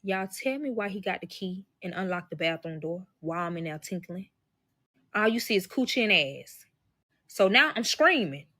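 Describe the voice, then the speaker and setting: A woman with a bright, forward voice tells a personal story to her live audience, swearing freely and calling them y'all. She slips into the voices of the people in her tale as she goes. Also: mid-range voice, expressive, normal speed, no echo. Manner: profane, emphatic, addresses listeners as y'all; acts out quoted voices. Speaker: storyteller recounting a personal experience.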